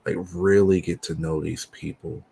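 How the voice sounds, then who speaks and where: A man hosting a reaction video, talking softly and hesitantly with many fillers. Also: low voice, little pitch movement, normal speed, gravelly, husky. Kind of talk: casual reaction commentary.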